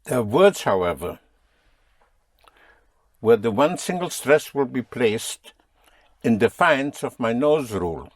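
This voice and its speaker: A man teaches a language lesson at an even mid pitch, patiently drilling his students with questions. The recording is dry and close. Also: slow, long pauses, no room sound.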